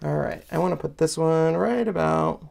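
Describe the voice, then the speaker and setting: During a live card-making tutorial, the host talks at a moderate pace in a slightly high, darkish voice with vocal fry. He goes step by step, musing aloud while arranging a card.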